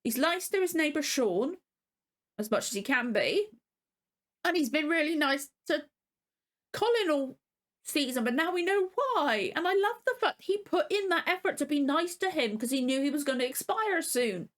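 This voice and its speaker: Teary and emotional, a woman hosting a reaction vlog gushes and rambles through casual chat, restarting often. Her voice sits high, with lively intonation at a moderate pace.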